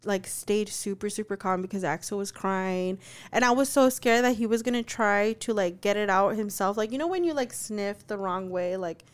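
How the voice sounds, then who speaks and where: A woman's voice: medium pitch, normal speed, clean tone. A young woman co-hosting a podcast, telling a story in casual chat, full of "like" fillers and swearing freely. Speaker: podcast co-host.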